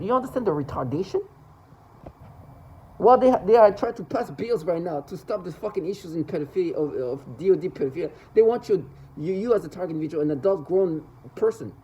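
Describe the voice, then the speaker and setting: The audio is poor as a vlogger with a high-sitting, dark, husky voice addresses the camera. His agitated, personal monologue rambles along with restarts and repeats, and he copies other people's laughter.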